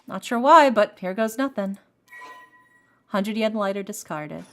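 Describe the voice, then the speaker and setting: A woman's voice: mid-range voice, lively intonation, unhurried, soft background music. A woman voicing the young male lead of a mystery game, giving him a cowboy-style drawl. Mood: puzzled.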